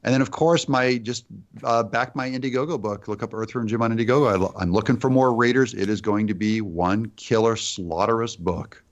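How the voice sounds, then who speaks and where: A man's voice: lowish voice, a little fast, dull audio. A man chatting as a guest on a podcast, joking in a dry, self-mocking and darkly humorous way. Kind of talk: casual chat.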